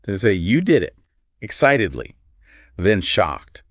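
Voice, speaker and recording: A man's voice: fairly low pitch, big pitch swings, unhurried, no echo, studio quality. A man co-hosting a scripted conversation about learning English, agreeable and prompting follow-ups. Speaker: co-host. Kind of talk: scripted two-host explainer on learning English.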